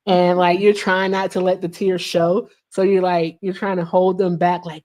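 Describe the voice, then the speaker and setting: A woman's voice: fairly low pitch, moderate pace. Laughing, profane woman streamer. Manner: profane, laughing, animated storyteller. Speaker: livestream host. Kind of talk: casual storytelling chat.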